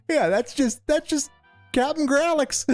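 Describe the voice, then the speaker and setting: A man streaming, reacting to a video with mocking commentary and frequent laughter. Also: extremely high pitch.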